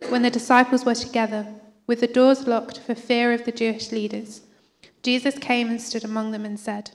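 Female scripture reader, higher voice, monotone, reverberant church. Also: normal speed. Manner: steady, even reading. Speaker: Bible reader. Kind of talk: scripture reading.

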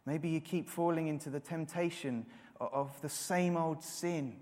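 A man's voice: a little high, fairly even intonation, unhurried, a little mellow. A man in his thirties preaching a sermon, earnest, repeating words and rising to emphatic peaks. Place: church hall. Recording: long reverb of a church hall.

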